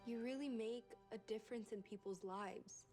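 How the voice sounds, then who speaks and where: A woman's voice: a little high, mellow, lightly acted. An actress playing an anxious, loving wife who pleads with her husband. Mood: earnest. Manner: pleading, emotional, rapid. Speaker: worried wife in a drama clip. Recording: drama clip with music underneath.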